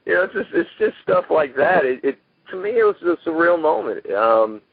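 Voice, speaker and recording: A man's voice: on the high side, big pitch swings, moderate pace, breathy edge, no room sound. A man, talking about his life as an actor guest in a rambling, folksy way, full of "you know". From Texas. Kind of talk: casual interview talk. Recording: tinny phone line.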